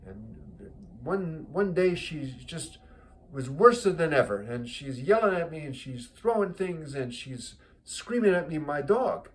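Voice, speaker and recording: A man's voice: a little high, sing-song, takes it slowly, poor audio. A man doing a blunt older Italian widower. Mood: aggrieved. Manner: broken English, dropped verb endings.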